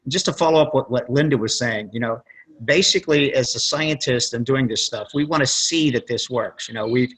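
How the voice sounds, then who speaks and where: On a conference call with poor audio, a plastic surgeon guest tells rambling stories and acts out what people said. His medium-pitched voice is brisk and a bit bright, with a breathy edge.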